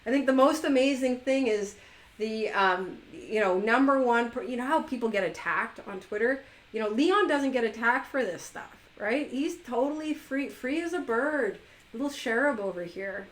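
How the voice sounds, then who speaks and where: A woman hosts a live stream in a loose, chatty manner. She teases her viewers playfully, and her voice sits a little high. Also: animated, measured pace, rough recording. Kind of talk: casual live stream chat.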